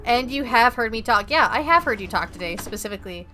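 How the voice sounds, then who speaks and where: Bright-voiced chatty woman streamer. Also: fairly high pitch, lively intonation, fast talker, soft background music. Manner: chatty, profane, rambling. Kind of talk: casual gaming-stream chat.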